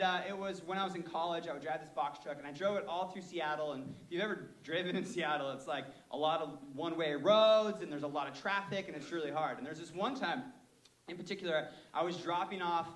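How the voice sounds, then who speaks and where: A young man preaching to a youth group, telling a story in an animated, self-deprecating way, with lots of fillers. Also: a little high. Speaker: youth pastor. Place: room full of listeners. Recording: echoey room with faint hiss.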